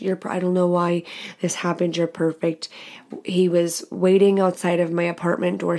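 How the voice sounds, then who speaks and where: Young female podcast host, casual confessional storyteller, lower-pitched voice, frank and expressive. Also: creaky. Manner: candid, expressive, swears freely.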